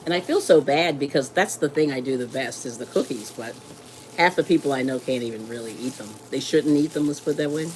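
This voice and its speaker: Low-voiced chatty woman cooking live. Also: fairly quick, darkish tone, slight background noise, poor audio. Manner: chatty, rambling, laughs often, greets viewers. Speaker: live-stream host. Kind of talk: casual chat while cooking. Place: home kitchen.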